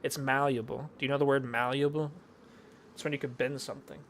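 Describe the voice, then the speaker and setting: A man's voice: mid-range voice, level tone, fairly quick, a bit bright, slight background noise. A young man streaming a game, jokey, rambling and self-mocking.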